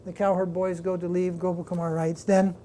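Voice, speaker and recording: Older male swami, mellow tone, storytelling sermon style, faint room hum behind. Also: high-pitched. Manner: lively retelling with quoted voices, pauses to recall details. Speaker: swami giving a religious class. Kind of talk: devotional storytelling lecture.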